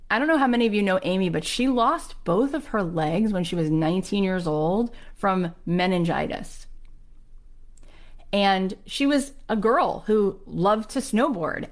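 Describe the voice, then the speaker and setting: A woman hosting a podcast, delivering a passionate motivational monologue and acting out the people in her stories. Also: fairly low pitch. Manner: passionate storytelling with acted-out quotes; emphatic. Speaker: podcast host.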